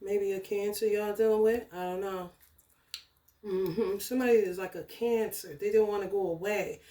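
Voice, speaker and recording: A woman ranting casually in a spiritual vlog, profane and animated, breaking into laughter. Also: mid-range voice, normal speed, echoey room. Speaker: spiritual tarot reader.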